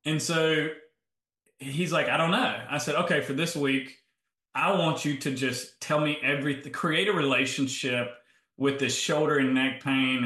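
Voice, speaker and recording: A man's voice: on the high side, sharp tone, roomy sound. A middle-aged man, a health coach telling client stories in a casual interview and acting out both sides of each conversation.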